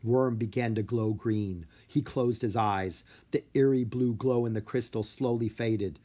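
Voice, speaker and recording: A man narrating a children's book aloud in an expressive storytelling way. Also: medium pitch, measured pace. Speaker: audiobook reader.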